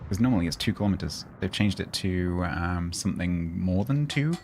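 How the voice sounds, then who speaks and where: A man streaming live gameplay and commenting as he plays, chatty and breaking into sudden excited exclamations. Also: sits low, moderate pace, background noise. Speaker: game streamer.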